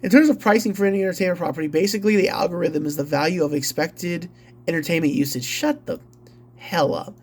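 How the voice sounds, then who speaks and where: A man's voice: on the high side, fast talker. A man ranting angrily about gaming news, reading an article aloud and breaking off with profane, incredulous reactions. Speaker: gaming commentator.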